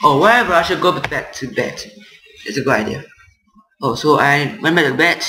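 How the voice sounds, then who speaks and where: A man's voice: a little high, moderate pace, pushed and bright. A man giving casual commentary while playing a horror game, chatting and reading game text aloud. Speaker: gameplay reaction streamer. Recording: echoey room.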